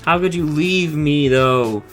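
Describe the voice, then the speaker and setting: A man voicing a bitter, whiny grown scientist who yells in a strained, shrill voice. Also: takes it slowly, faint music behind.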